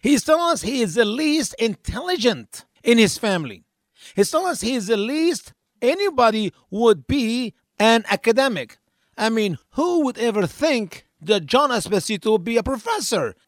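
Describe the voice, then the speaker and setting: A man's voice: very high voice, dry recording, clean studio sound. A man giving commentary between clips of a lecture, talking in an insistent, lecturing way.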